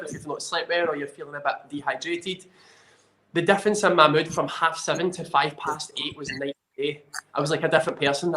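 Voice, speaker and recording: A man's voice: on the high side, sharp tone, slight background noise. A man, a fitness trainer talking in a casual interview, earnest and enthusiastic, often restarting his sentences. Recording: roomy echo.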